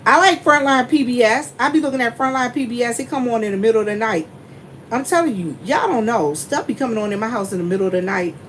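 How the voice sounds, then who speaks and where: A woman's voice: on the high side, fast. A woman chatting casually to her viewers from a gas station store, talking in a repetitive, rambling way. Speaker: store clerk vlogging at work. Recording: humming air conditioning noise. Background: air conditioner hum.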